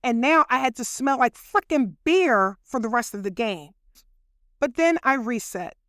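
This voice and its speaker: A woman tells her own story in a relaxed, chatty way, talking straight to her listeners as if to friends. Her voice sits a little high, and the recording is dry and close, with no room sound. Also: unhurried, dry recording. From Philadelphia. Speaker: podcast host telling her own story. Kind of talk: casual personal storytelling.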